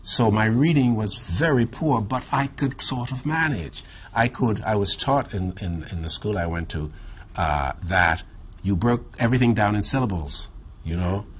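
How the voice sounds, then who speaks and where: A man from the Bahamas with a Caribbean accent, telling a reflective story in an interview in a measured, thoughtful way with drawn-out pauses. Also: on the low side, expressive, slight background noise. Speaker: interview guest.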